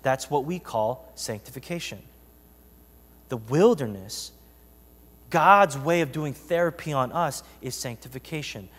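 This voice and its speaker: A man's voice: mid-range voice, animated, measured pace, fairly bright tone. Man preaching in a reverberant church. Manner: earnest, conversational preaching with scripture reading. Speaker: pastor. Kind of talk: sermon. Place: church sanctuary.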